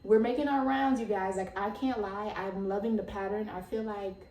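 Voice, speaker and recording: A young woman in her twenties hosting her own podcast, excitable and chatty, full of "like" and laughs. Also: mid-range voice, normal speed, roomy sound, far from the mic, a little hiss or hum. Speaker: podcast host. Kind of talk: casual chat.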